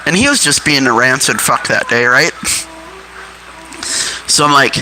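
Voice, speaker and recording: A man telling crude, mocking comic stories in an animated way. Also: mid-range voice, a little slow, background noise. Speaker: storyteller. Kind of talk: comic storytelling.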